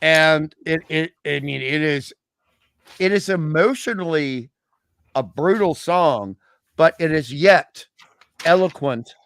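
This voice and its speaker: A man's voice: a little high, slow pace, a bit bright, clean tone. A man chatting as a podcast guest, opinionated and wry, with many restarts. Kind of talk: casual podcast chat.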